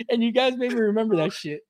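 Animated high-voiced man telling stories. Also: dry recording. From Miami area. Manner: animated, swears freely, acts out quotes. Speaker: podcast guest. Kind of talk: casual podcast chat, storytelling.

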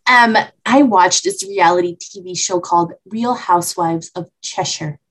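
A woman guest in a casual podcast chat, animated and quick to laugh, asking eager questions. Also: fairly low pitch, a little hiss or hum, rough recording.

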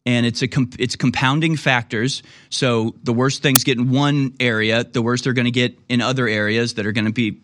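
A man's voice: mid-range voice, level tone, normal speed, few pauses, fairly bright tone. A man hosting a talk radio show, rambling in a casual monologue and now and then acting out other people.

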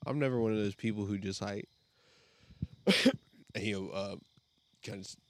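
A man's voice: on the low side, measured pace. A young man co-hosting a casual podcast, who mostly reacts briefly to his friend and laughs along. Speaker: podcast co-host.

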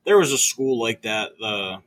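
A young man in casual chat, telling stories in an animated way, swearing often and laughing mid-sentence. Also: medium pitch, unhurried, slight background noise.

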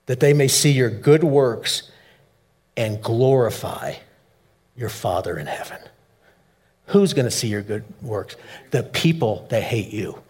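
A man preaching a sermon, shifting between soft low asides and loud, emphatic peaks. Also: lively intonation, a little slow, long pauses, husky. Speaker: pastor.

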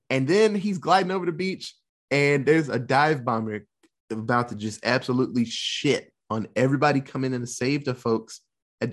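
Profane, animated male storyteller. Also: medium pitch. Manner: profane, jokey, animated retelling with put-on quotes. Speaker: podcast co-host recapping a film. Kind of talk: casual chat.

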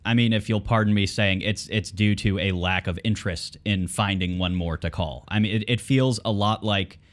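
Sardonic low-voiced man. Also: normal speed. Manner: sardonic, exasperated. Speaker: video editor guest. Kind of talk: casual political chat.

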